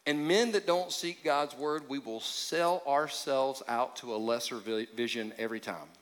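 A male pastor preaching a sermon in a conversational, joking way, with sudden drops into quiet emphasis. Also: mid-range voice, moderate pace. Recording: long hall reverb.

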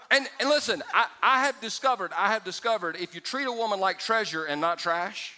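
Lively joking pastor, bright voice in a reverberant church hall. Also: male voice, sits high, brisk, hardly any pauses. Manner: animated and joking with the congregation, swinging from loud to hushed. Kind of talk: sermon. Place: church sanctuary before a congregation.

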